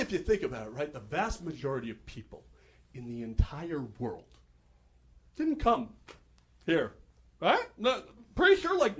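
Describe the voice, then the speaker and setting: A man's voice: high voice, a bit bright. A young man from New Jersey doing a stand-up comedy set on a club stage, wry and self-deprecating, with hesitant asides.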